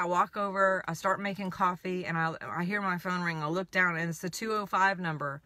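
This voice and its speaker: A woman's voice: on the low side, a little fast, few pauses, no room sound. A woman telling a personal story in a casual, rambling monologue, full of "I'm like" asides. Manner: rambling, animated retelling with many "I'm like" asides. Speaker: spiritual coach.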